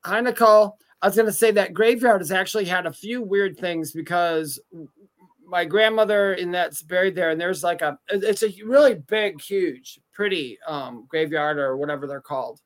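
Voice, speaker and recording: A middle-aged man co-hosting a live chat, talking haltingly and searching for his words. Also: high voice. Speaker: co-host, psychic medium.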